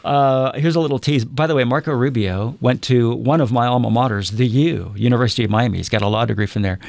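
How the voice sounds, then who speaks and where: A middle-aged man co-hosting a radio show with a gravelly, rough-edged voice. He banters in a loose, joking way and pokes fun at himself. The sound is dry and close on a studio mic. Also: mid-range voice, fast, a little mellow, no echo. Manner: joking, self-mocking. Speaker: radio co-host. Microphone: studio microphone.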